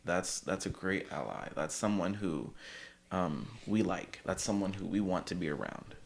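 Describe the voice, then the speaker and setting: A man's voice: low voice, expressive, normal speed, creaky. A man talking as an interview guest, easygoing, laughing as he tells stories. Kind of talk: casual interview chat.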